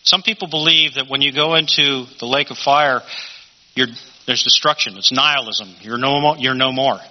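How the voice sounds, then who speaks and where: A man's voice: mid-range voice, normal speed. A man teaching a Bible study in a conversational sermon style, often asking rhetorical questions. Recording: dull lo-fi recording.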